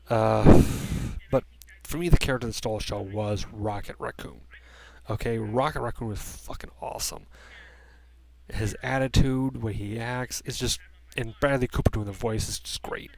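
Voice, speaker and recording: A man's voice: fairly low pitch, steady tone, moderate pace, gravelly. Rambling man reviewing a movie. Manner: rambling, with frequent restarts and fillers. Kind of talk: casual spoken review. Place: room at home by a heater.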